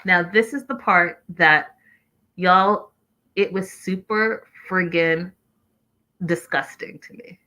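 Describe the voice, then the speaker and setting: Bright-voiced woman hosting a lively recap. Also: on the low side, takes it slowly. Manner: expressive, exclaiming, acting out quotes. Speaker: podcast host recapping a reality show. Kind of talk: animated recap commentary.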